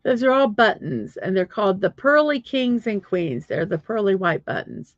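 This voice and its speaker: A woman's voice: mid-range voice, big pitch swings, moderate pace, no echo, lo-fi sound. A middle-aged woman hosting a casual livestream, chatting in a rambling way with many fillers while she searches for things on her computer. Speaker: livestream host.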